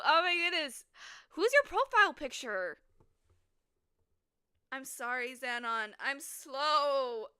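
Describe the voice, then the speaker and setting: A woman streaming a story game, reading it aloud and chatting with viewers, quick to burst into excited exclamations. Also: sits high. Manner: excitable, breaks into squeals and exclamations.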